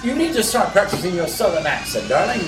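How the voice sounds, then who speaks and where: A man's voice: high voice, very animated, quick pace, roomy sound, over music. A man playing a swooping melodramatic schemer. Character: scheming smooth-talking man Dirk. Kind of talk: improvised radio soap parody.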